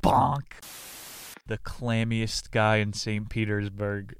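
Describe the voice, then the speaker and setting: A man's voice: mid-range voice, steady tone, measured pace, clean tone, dry recording. A young man hosting a show, riffing through a comedic book recap with brash, crude jokes. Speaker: podcast host.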